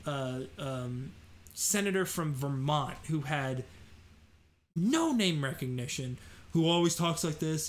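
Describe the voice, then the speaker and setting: A man's voice: a little high, animated, slow. Opinionated man hosting live political talk. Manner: opinionated, rambling with fillers and restarts. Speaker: host.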